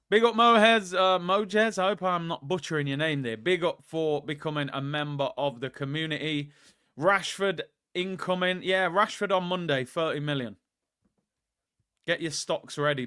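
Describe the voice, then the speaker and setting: A man talking casually on a live stream, his voice fairly high and smooth. He rambles in a chatty way and keeps turning to his viewers. He often reads their comments aloud. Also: a bit bright. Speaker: football fan channel host. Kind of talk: casual livestream chat.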